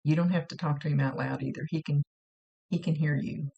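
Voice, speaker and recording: Gravelly-voiced woman giving a gentle psychic reading. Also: low voice, fairly even intonation, fairly quick, dull audio. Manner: gentle, reassuring, repeats herself often. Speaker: psychic medium. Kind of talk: spoken psychic reading addressed to a viewer.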